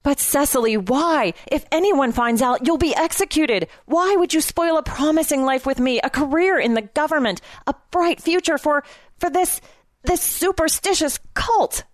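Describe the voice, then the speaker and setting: A woman's voice: mid-range voice, lively intonation, fairly quick, few pauses, no echo, studio quality, natural voice. A woman reading the lines of an earnest young man in a storybook, pressing and pleading with his partner. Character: young man, eager then pleading boyfriend. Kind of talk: audiobook character reading.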